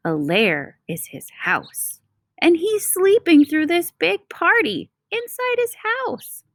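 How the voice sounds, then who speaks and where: Woman reading a picture book aloud to children: very slow, lively pitch, explains words as she goes, dry sound. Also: dry recording. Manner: slow, expressive, explains words to young listeners.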